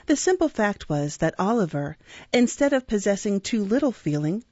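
A woman narrating a classic novel in a measured, expressive reading voice. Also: mid-range voice, no room sound. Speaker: audiobook narrator. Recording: dull, dry recording.

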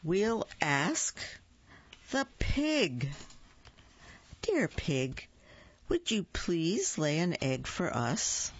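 Storybook young chicken, polite and eager, read by a woman; slow, dull lo-fi sound. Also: lowish voice, very animated, slightly rough, heavily acted. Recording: dull lo-fi dry recording.

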